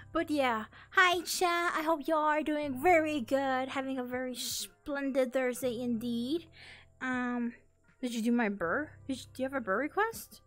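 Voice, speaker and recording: A woman live-streaming in casual chat, bubbly and excitable, easily startled into loud yelps and laughs, playfully repeating catchphrases. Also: high voice.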